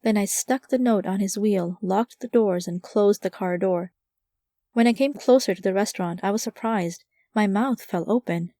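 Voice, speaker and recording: A woman narrates a light first-person mystery audiobook. Her tone is mellow and even, and the recording is dry and close, with lively character voices. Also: medium pitch, normal speed, no echo.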